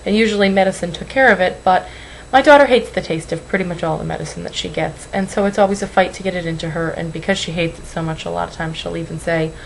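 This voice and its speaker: Young woman, lowish voice, rambling and apologetic, tearful, webcam mic, faint hiss. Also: fast, creaky, few pauses, poor audio. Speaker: weight-loss vlogger. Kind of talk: emotional webcam vlog.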